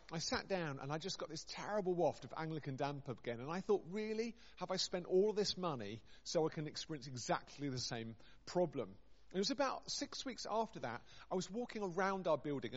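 A vicar preaching in a fairly high voice, spinning a humorous anecdote with self-deprecating asides. The sound is a little dull, and his voice rings out with a long reverb through a large church. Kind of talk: storytelling sermon.

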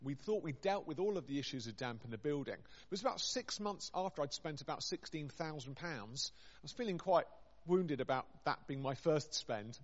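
Male vicar, anecdotal sermon, wry self-deprecating humor, slightly high voice, long hall echo. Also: expressive, moderate pace. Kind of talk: storytelling sermon. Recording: dull sound with long hall reverb. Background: long reverb.

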